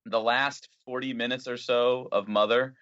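A man's voice: mid-range voice, steady tone, moderate pace, a bit bright, no echo, dull audio. A man rambling casually about films, often correcting himself and adding wry asides. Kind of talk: casual film chat.

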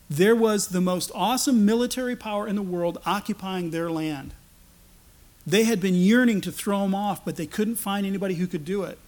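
A man delivers a sermon in a notably high voice. He preaches with animation, slipping into the voices of the people he quotes.

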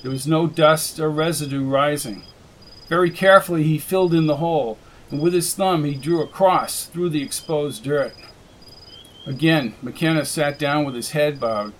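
A man with a slightly raised pitch reads a science fiction novel aloud in steady, measured narration. A faint hiss sits under his voice throughout. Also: low-quality recording. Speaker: audiobook narrator. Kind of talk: scripted narration.

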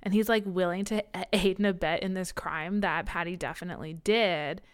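Woman with a smooth voice, sarcastic and laughing. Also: fairly low pitch, steady tone, fairly quick. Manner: laughing, sarcastic, retells plot with quoted voices. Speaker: podcast co-host. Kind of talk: casual book podcast chat.

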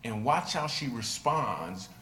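A man, a stand-up comedian, telling a story in a relaxed, conversational way. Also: medium pitch, takes it slowly. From United States. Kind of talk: casual video monologue. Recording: roomy echo with faint noise.

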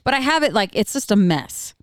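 A woman's voice: medium pitch, big pitch swings, brisk, no echo, clean studio sound. A woman co-hosting a podcast, chatting casually about her kids, rambling and laughing often. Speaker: podcast co-host. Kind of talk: casual chat.

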